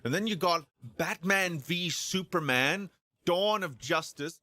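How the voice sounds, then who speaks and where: A man's voice: medium pitch, moderate pace, pushed and bright, no echo. A man ranting casually on a livestream, stammering and repeating himself, acting out both sides of imagined conversations. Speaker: streamer discussing films.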